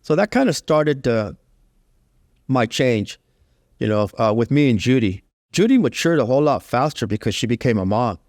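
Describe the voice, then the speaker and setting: A man's voice: mid-range voice, lively intonation, moderate pace, a little mellow, no room sound. Earnest man telling his story, dry. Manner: conversational, many "you know" fillers, earnest. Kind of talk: candid personal storytelling.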